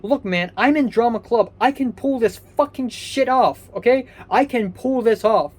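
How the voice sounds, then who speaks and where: A man's voice: extremely high pitch, normal speed, a little mellow. Profane, exasperated young man ranting. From Hong Kong. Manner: swears constantly, angry and exasperated, rambling with restarts. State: sleepy. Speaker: vlogger. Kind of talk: profane personal rant.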